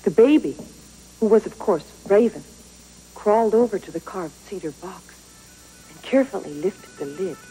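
A woman reading a storybook aloud, with slow, expressive storytelling. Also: mid-range voice, husky, soft background music, low-quality recording. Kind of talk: read-aloud storybook narration.

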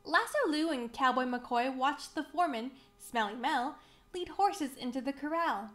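A woman reading a children's picture book aloud, slow, clear and expressive for young children. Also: high-pitched. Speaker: museum storybook reader.

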